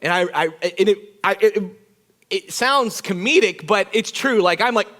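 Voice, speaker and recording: A man preaching a sermon as pastor, telling a personal story with lively acted-out quotes. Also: high voice, moderate pace. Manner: animated storyteller, acts out quotes with shouts and whispers. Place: church.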